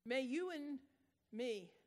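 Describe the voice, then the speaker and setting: A woman delivers a sermon, praying and telling a story in a gentle, reflective way. Her voice sits fairly high and moves at an unhurried pace. It echoes through a large hall with a long reverb. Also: lively intonation. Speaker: preacher.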